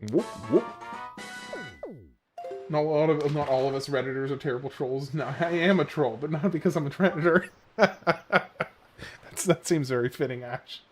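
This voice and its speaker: A man's voice: fairly high pitch, moderate pace, long pauses. Oklahoman Southern-accented man, laid-back game streamer, chuckling, headset mic, faint music behind. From Oklahoma, USA. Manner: laid-back, chuckling often, answers chat. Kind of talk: casual live-stream chat while playing.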